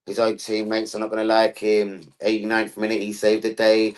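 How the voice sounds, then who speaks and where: A man's voice: lowish voice, completely flat delivery, normal speed. A young man hosting a football live stream, talking in rowdy, profane slang-heavy banter.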